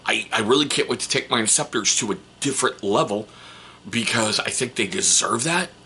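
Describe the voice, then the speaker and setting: A man hosting a casual hobby vlog, rambling and excitable, and swearing casually. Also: on the low side, brisk, slightly rough. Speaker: hobby channel host.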